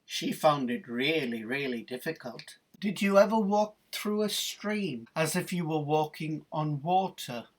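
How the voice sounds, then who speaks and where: A middle-aged man telling a Bible story to children, animated and asking them questions directly. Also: on the high side, measured pace, hardly any pauses, low-quality recording.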